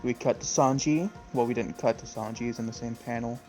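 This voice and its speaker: A man co-host recaps a comic chapter in an easygoing, rambling way, packed with fillers. His voice sits at an ordinary, middle pitch for a man. The talk is loose and conversational. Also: a little fast, soft background music, poor audio. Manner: relaxed, rambling with many fillers; laughs often. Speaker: podcast co-host. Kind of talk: casual chat recapping a comic.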